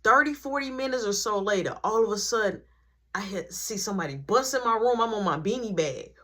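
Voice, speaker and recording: A man's voice: sits high, fairly quick, noisy background. A man telling a family story storytime-style, acting out every voice. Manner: animated, acts out every voice. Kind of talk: storytime vlog.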